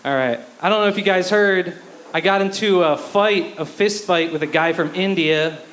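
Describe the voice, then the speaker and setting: A man doing a stand-up comedy set on a club stage, telling deadpan one-liners and self-deprecating jokes into a handheld mic. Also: high-pitched, normal speed, a little hiss or hum.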